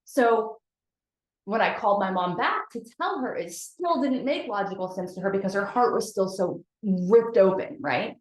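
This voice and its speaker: A woman with an animated, mid-range voice gives a candid, chatty motivational talk at a moderate pace on her weekly live video. She speaks straight to her audience, calling them "you guys," amid a roomy echo.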